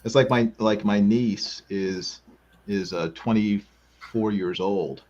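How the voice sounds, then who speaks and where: A middle-aged man, a guest, chatting casually with a laughing, expressive manner. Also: fairly low pitch, slow pace, highs cut off, slight background noise. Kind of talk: casual chat.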